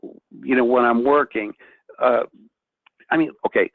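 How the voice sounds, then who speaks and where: A man speaking as a guest painter in a casual chat, excitable and often restarting his sentences. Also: medium pitch, a little slow, vocal fry, no echo. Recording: tinny phone-like line, dry.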